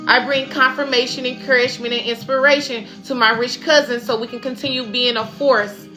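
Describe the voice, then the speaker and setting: A woman's voice: sits high, steady tone, brisk. Emphatic spiritual reader woman with music. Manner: emphatic, preachy, slang-filled. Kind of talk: tarot and oracle reading. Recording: music playing behind.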